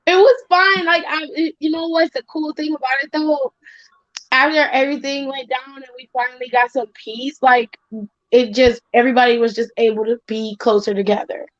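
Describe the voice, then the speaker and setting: A woman's voice: high-pitched, normal speed, no room sound. A woman co-hosting a podcast, chatting casually with features and acting out her friends' lines as she tells stories. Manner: animated storyteller acting out friends' lines, laughing often. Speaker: podcast co-host. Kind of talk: casual chat. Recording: dull dry lo-fi sound.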